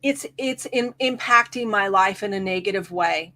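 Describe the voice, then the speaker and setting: A woman's voice: medium pitch, moderate pace, pushed and bright. A middle-aged woman, a hypnotherapist guest, animatedly telling a client story and acting out the quoted voices. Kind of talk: storytelling in casual chat.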